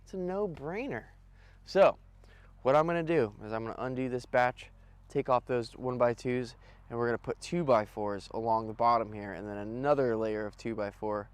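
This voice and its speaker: A man's voice: mid-range voice, moderate pace, dry recording. A young man vlogging outdoors on rural land in a laid-back, slangy way while he builds, talking into a handheld camera. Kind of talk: casual vlog narration. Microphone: handheld camera mic.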